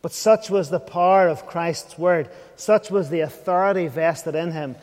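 A man delivers an evening sermon in a high, light voice, earnest and searching as he puts questions to his listeners. He sometimes sinks almost to a whisper. The sound carries a long reverb, as if from a large church hall. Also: moderate pace, a little mellow. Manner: earnest, questioning, drops to a near whisper at times. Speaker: preacher.

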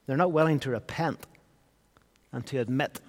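A man preaching a sermon, earnest, swinging between loud and hushed. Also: mid-range voice, moderate pace. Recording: long hall reverb.

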